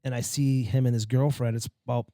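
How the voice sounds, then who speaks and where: A man on a podcast telling a rambling, profane prank story, loudly acting out the people in it. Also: medium pitch, steady tone, a little fast, no room sound, studio quality. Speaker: podcast host. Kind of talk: casual storytelling chat.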